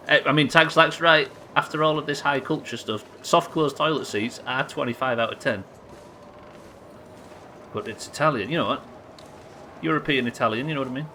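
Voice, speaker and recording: A bright, forceful-sounding man with a Yorkshire accent talks to his live-stream chat. He jokes and swears freely in a loose, chatty way. A faint hiss sits under the voice. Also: medium pitch, moderate pace, long pauses. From Yorkshire, England. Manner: sweary, joking, chatty with viewers.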